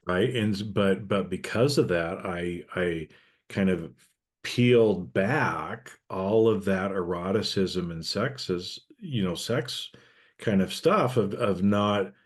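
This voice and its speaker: Male host, low voice, earnest and reflective, conversational. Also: slow, breathy edge. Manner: earnest, reflective, frequent "right?" tags. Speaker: podcast host. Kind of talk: casual conversation.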